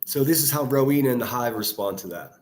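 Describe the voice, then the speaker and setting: A man's voice: mid-range voice, animated, fast. A man ranting angrily over clips he plays, swearing heavily and hurling insults as a commentary youtuber. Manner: angry, profane, shouting insults.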